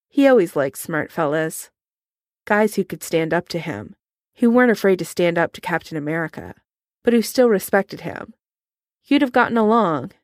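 Lady doing a gruff old army guy, blunt, swears a lot, dry recording. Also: medium pitch, a little mellow, no room sound. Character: gruff, blunt older male army veteran. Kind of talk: fan fiction audiobook reading.

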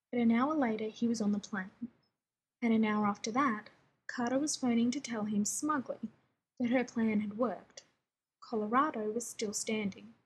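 A woman reading a story aloud in a wry, even way. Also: a little high, moderate pace, husky, low-quality recording. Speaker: reader.

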